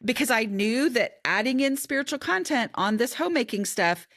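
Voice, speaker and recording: A woman's voice: on the high side, animated, normal speed, fairly bright tone, no echo, studio quality. A middle-aged woman, an author and podcast guest, talking in a chatty, candid way and often interrupting herself. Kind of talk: casual conversation.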